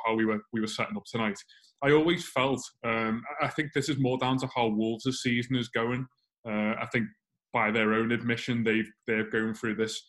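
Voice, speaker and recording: A man guest on a football podcast call, animated and argumentative. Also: fairly low pitch. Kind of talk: casual football podcast chat.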